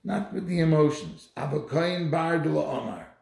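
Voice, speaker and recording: A man giving a Torah lecture, telling stories in an animated, emphatic way, recorded in an echoey room. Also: fairly high pitch, normal speed, vocal fry. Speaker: Torah teacher.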